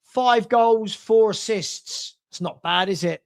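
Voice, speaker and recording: High-voiced chatty London man. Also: slow. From South London. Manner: chatty, reads out chat messages and scores. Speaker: live stream host. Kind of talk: casual live-stream chat.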